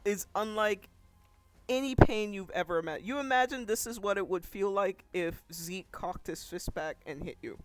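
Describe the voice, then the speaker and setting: A man's voice: sits high, normal speed, noisy background. A man narrating as game master of a tabletop role-playing game in a loose, chatty way. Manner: loose, conversational narration with fillers.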